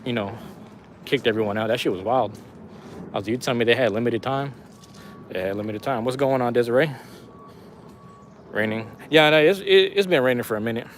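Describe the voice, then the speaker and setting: A man's voice: medium pitch, slight background noise. Laid-back man streaming from a rainy street. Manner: laid-back, rambling street talk with slang. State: losing his voice. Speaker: live streamer. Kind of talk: casual walking live stream. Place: outdoors on a city street in the rain.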